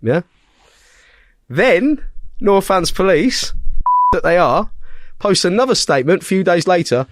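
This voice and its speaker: A man's voice: sits high, measured pace, long pauses. A man, a podcast guest telling a story in casual conversation. He swears constantly, talks bluntly and keeps checking in with tag questions. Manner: blunt, heavy swearing, animated retelling.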